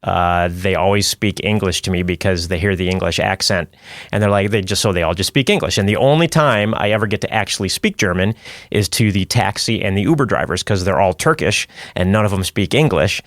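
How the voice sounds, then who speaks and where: Deep-voiced man hosting a chatty podcast. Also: a little fast, a bit bright, dry recording, studio quality. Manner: chatty, jokey, rambling with restarts. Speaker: podcast host. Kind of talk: casual interview chat.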